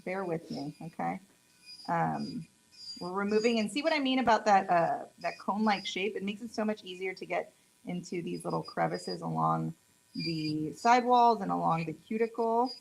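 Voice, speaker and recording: A woman's voice: lowish voice, very animated, normal speed, creaky, a little hiss or hum, poor audio. A woman with a Mexican accent, whose first language is Spanish, chatting and joking while she demonstrates nail tools live. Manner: chatty, joking, playful asides. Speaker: nail tech demonstrating products. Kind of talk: casual live product demo.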